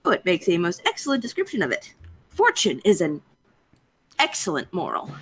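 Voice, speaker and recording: A woman's voice: fairly low pitch, wildly swooping pitch, moderate pace, husky, voice pushed down, heavily acted. A woman reading a long-winded, earnest army captain in a casual live-streamed Shakespeare reading, lecturing in a wordy, fussy way.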